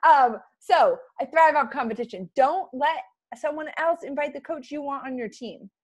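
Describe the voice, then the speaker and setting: A young woman leading a casual motivational team call over a computer mic, chatty and excitable with quick asides. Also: high-pitched.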